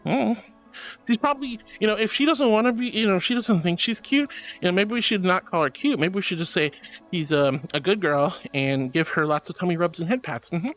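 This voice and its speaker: A woman's voice: lowish voice, lively intonation, fairly quick. Bubbly lady streamer reading chat, calls everyone honey, voice bounces all over, faint music behind. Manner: affectionate, bubbly, calls viewers sweetie and honey. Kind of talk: casual chat reading live chat.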